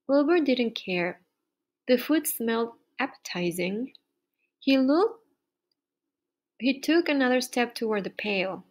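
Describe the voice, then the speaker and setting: A woman reading a children's chapter book aloud with lively storybook delivery. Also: fairly high pitch, takes it slowly, long pauses.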